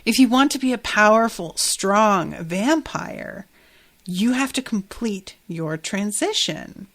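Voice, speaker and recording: A woman's voice: medium pitch, lively intonation, slow pace, fairly bright tone, full character voice. A woman voicing a bossy old-world female vampire who scolds and dotes on her new recruit. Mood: scolding. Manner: blunt, doting, condescending.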